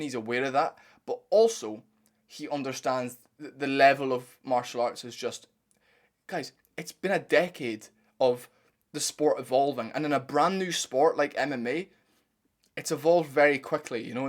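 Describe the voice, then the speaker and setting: This is a young man, delivering a blunt, profane commentary rant. His voice sits at an ordinary middle pitch. His delivery is animated and opinionated throughout. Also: moderate pace. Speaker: MMA commentator channel host. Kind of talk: ranting reaction commentary.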